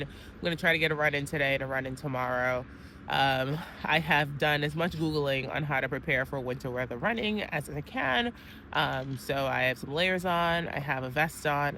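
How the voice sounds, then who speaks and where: A woman's voice: sits low, sharp tone, a little hiss or hum. A woman vlogger talking casually to her camera, chatty and rambling with frequent fillers. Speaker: crafting vlogger. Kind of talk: casual vlog chat.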